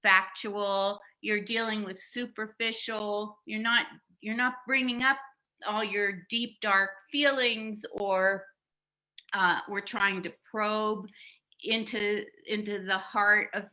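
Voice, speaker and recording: A woman's voice: medium pitch, fairly even intonation, slow, pushed and bright. A woman leading a communication workshop, explaining in a teaching tone with small restarts and light laughs. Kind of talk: teaching seminar talk.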